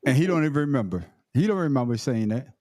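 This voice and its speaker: A man co-hosting a casual podcast, his voice sitting at an ordinary middle pitch and sounding dry and close to the mic. He gets loud and excitable and swears freely. He often repeats words while he finds his sentence. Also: fast talker, no room sound. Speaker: podcast co-host.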